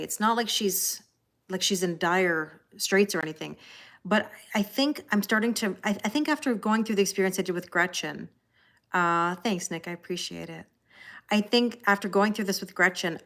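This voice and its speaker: A chatty woman with a Canadian accent hosts a live tarot stream, answering viewer comments one by one. Her voice sits a little low, and she keeps checking in with a reassuring "you know?". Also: a bit bright. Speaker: tarot reader hosting a livestream. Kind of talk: casual live chat, reading out viewer comments.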